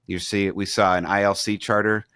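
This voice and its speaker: A man's voice: on the low side, level tone, a little fast, fairly bright tone, no room sound, studio quality. A middle-aged man co-hosting a business podcast, talking casually and often restarting his sentences as he thinks aloud. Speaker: podcast co-host, banking advisor.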